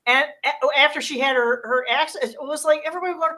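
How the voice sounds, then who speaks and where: A woman's voice: sits high, fast, hardly any pauses, bright, forceful tone. A woman from the United States chatting casually, rambling with many restarts. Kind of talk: casual chat.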